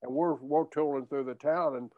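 A man's voice: on the high side, steady tone, moderate pace, no room sound. A man in a casual podcast chat, telling stories and laughing easily. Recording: dull lo-fi dry audio.

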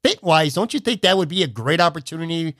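A man's voice: fairly high pitch, lively intonation, fast, a bit bright, no echo, studio quality. A man hosting a podcast, asking long, chatty, run-on questions. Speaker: podcast host. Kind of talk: casual interview questions.

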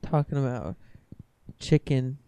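A man's voice: mid-range voice, animated, takes it slowly, gravelly, dark tone, slight background noise. A young man co-hosting a podcast in casual chat, joking around with goofy wordplay and laughing often. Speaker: podcast co-host.

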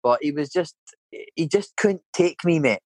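A man's voice: a little high, lively intonation, normal speed, a little mellow, no echo, poor audio. A Scottish man in his thirties, a painter and decorator, telling a rambling story in casual chat and filling it with "mate" and "you know". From Scotland.

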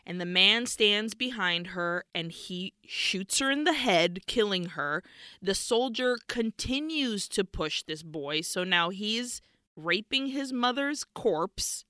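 Bright, clear-voiced woman podcast host. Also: medium pitch, expressive, slow, dry recording, studio quality. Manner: candid, retelling scenes in detail with nervous laughs. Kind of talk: casual movie recap chat.

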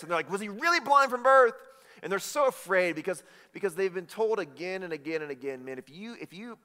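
Animated preacher in an echoing church hall. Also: male voice, high voice. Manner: animated, acts out bible figures in casual modern voices. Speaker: pastor. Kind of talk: sermon. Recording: long hall reverb.

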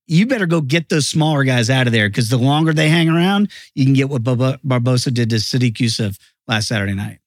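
A man talking as a guest analyst in a casual sports betting chat, animated and emphatic. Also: medium pitch, fast, few pauses, no echo.

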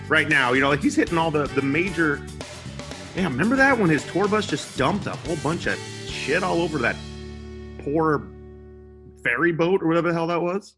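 A man hosting a comedic podcast, joking around in animated, playful banter. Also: on the high side, normal speed, music in the background. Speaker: podcast host. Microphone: video call.

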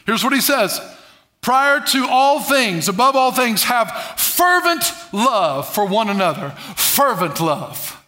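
A male pastor preaching a sermon, calling on the congregation to repeat words and swinging between loud bursts and low muttered asides. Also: very animated, takes it slowly. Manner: preaches with call-and-response to the congregation.

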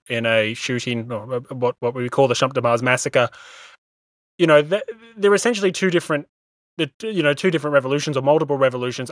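A man hosting a history podcast, explaining things in a measured way with small stumbles. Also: medium pitch, fairly bright tone, no room sound. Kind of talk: casual history discussion.

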